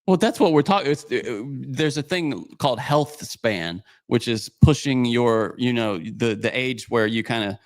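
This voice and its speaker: A man's voice: medium pitch, expressive, measured pace, hardly any pauses, no echo, clean studio sound. A man co-hosting a casual podcast, reading viewer comments aloud in a rambling way with many fillers. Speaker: podcast co-host reading super chats.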